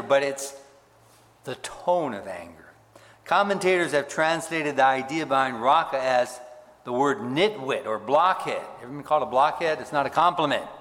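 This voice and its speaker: Slow preaching man, hall reverb. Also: a little high. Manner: preacherly, emphatic with dramatic drops to quiet. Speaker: pastor. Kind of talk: sermon.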